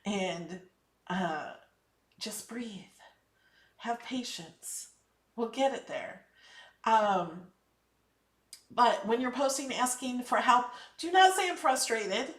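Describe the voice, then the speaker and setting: A woman's voice: fairly high pitch, animated, takes it slowly, long pauses, a bit bright, far from the mic. Chatty upbeat woman in echoey room. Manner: chatty, upbeat, encouraging, emphatic when advising. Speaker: craft channel host. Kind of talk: casual live tutorial.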